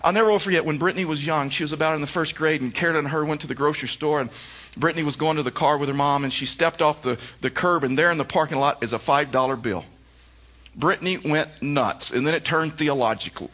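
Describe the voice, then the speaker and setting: A man's voice: a little high, brisk, pushed and bright. A middle-aged male pastor preaching a sermon, telling stories with emphatic repeated phrases. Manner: storytelling with emphatic repetition.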